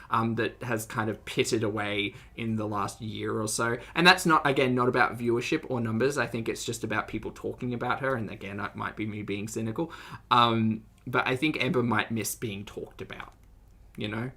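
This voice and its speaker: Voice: mid-range voice, moderate pace, pushed and bright. A streamer, reacting to videos in a casual, sarcastic and blunt way and reading out chat. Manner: blunt and sarcastic, laughs often.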